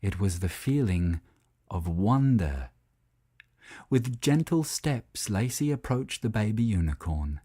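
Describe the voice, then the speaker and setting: A man narrating a children's story in an expressive, playful reading style. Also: lowish voice, takes it slowly, breathy edge, dry recording, clean studio sound.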